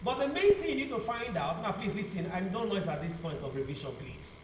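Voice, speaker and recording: A man's voice: high-pitched, sing-song, fast, noisy background. A male law teacher giving a revision lecture, asking the class to finish his sentences with "what?". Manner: call-and-response questioning, repeats "what?" for the class to fill in. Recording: echoey room, mic far off, faint ambience.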